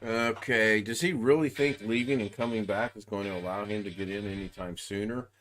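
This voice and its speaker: A man's voice: on the low side, steady tone, fairly quick, a bit bright, soft background music. Easygoing man on a desk mic hosting a live quiz chat, reads out viewer comments. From United States. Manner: chatty, laughs often, reads viewer comments aloud. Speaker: livestream host. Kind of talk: casual chat on a live video call. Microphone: desk microphone.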